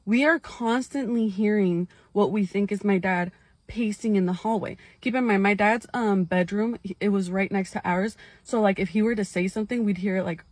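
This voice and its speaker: A woman telling her own scary experience in a casual storytime, animated and full of fillers, talking straight to her viewers. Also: mid-range voice, dry recording.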